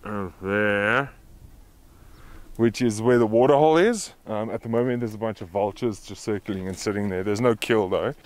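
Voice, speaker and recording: A young man chatting casually to his camera for a travel vlog at an outdoor bush campsite, joking and relaxed as he narrates. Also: fairly low pitch, moderate pace. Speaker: vlogger.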